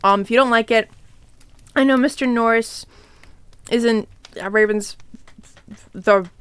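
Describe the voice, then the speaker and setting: A woman's voice: on the high side, a little slow, clear, resonant tone, dry recording. A woman streamer reading a fanfic aloud, irreverent and swearing, with giggly asides.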